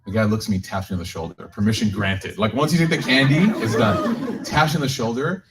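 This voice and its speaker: A lowish male voice comes through poor audio with a bit of hiss or hum. The speaker, an imam, entertains listeners in a community gathering room with a humorous, lively story before shifting into a slow closing prayer.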